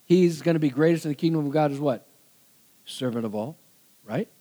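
A middle-aged man preaching a conversational sermon, animated and given to laughter, acting out quoted voices. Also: a little high, fairly quick. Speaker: pastor.

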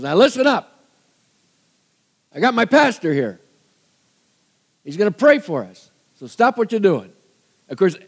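A man's voice: medium pitch, darkish tone. A middle-aged male pastor preaching a sermon, telling a story in a chatty way, often laughing and acting out the people he quotes.

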